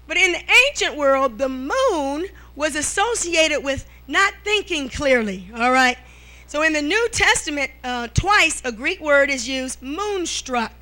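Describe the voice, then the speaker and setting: High, bright-voiced woman preaching. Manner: lively preaching, calls of amen and hallelujah, asks "all right?". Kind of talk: sermon.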